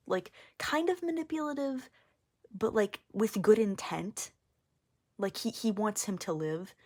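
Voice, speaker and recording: A woman's voice: on the low side, vocal fry. A young woman explaining her drawings in a casual, rambling way, full of fillers. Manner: rambling, heavy use of fillers. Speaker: artist vlogger.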